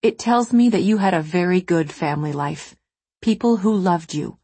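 Woman reading an earnest, measured male counselor. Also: fairly low pitch, lively intonation, mellow, husky, no room sound. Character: calm male professional, counselor-like.

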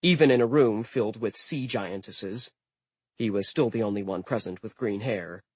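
A man narrating a first-person audiobook in a wry, deadpan way. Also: on the low side, moderate pace, slightly rough, dry recording.

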